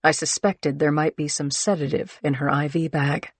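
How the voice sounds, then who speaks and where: Woman audiobook narrator, lowish and dry, measured earnest first-person read. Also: level tone, slightly rough, no room sound.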